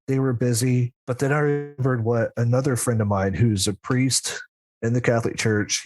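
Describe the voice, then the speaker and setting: A man's voice: medium pitch, no echo. A man who works as a demonologist, telling a long story in a casual interview, full of asides and little laughs. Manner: rambling, with frequent asides and laughs. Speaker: practicing demonologist guest.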